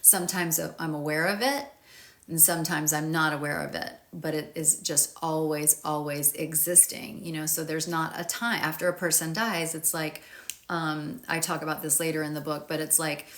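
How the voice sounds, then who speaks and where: A woman's voice: low-pitched, fairly even intonation, normal speed, a bit bright. A woman author talking candidly to camera about her grief guide, frank and informal, swearing freely and thinking aloud. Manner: thinks aloud with fillers and restarts.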